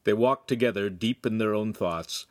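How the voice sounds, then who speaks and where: A man reading a young adult novel aloud in calm, scripted narration. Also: on the low side, moderate pace, no room sound, clean studio sound. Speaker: audiobook reader.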